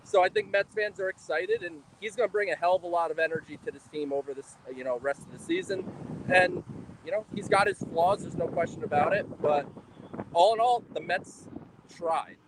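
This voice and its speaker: Guy talking baseball outside in a parking lot, kinda high voice, lotta "you know"s, faint wind hiss. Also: brisk. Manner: loose, thinking aloud with fillers. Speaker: podcast co-host. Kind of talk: casual sports talk. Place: outdoors in a stadium parking lot. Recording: faint wind and traffic noise.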